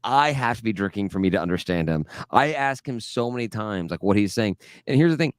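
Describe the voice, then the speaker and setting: Joking low-voiced Southern man. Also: lively intonation, a little fast, dry recording, clean studio sound. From American South. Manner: joking, blunt, opinionated. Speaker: podcast co-host. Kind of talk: casual banter.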